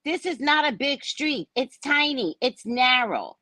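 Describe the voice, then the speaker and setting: Sarcastic woman reading tarot, lively pitch. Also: measured pace, no room sound. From New York. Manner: sarcastic, laughs at her own jokes. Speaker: psychic tarot reader. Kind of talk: live-stream tarot reading chat.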